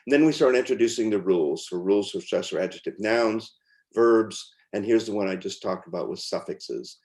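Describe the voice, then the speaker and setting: Low-voiced man demonstrating pronunciation software. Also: a little fast. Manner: informal, with fillers and restarts. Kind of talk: screen-share walkthrough.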